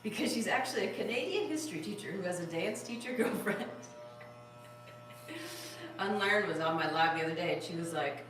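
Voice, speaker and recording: A woman's voice: on the low side, animated, a little fast, over music. A woman hosting a casual livestream. She reads viewer comments aloud and coos at her cat. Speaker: livestream host. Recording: very echoey room, distant mic, faint ambience.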